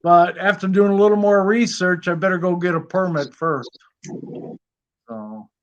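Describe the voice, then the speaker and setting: A man from Wyoming with a high voice for a man, chatting on a live stream. He drawls through his stories in a relaxed, unhurried way. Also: muffled recording. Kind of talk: casual chat.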